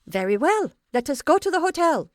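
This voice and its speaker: A woman's voice: high voice, sing-song, normal speed, no room sound, voice pushed up. A woman voicing a sullen, contemptuous young Italian woman in a dry, close recording. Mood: disdainful. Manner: curt, disdainful.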